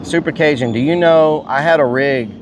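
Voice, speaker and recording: A man's voice: on the high side, moderate pace, lo-fi sound, background noise. A middle-aged man live-streaming while fishing outdoors by a river, chatting casually with his viewers and swearing freely. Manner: blunt, swears casually, answers chat. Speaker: livestreamer.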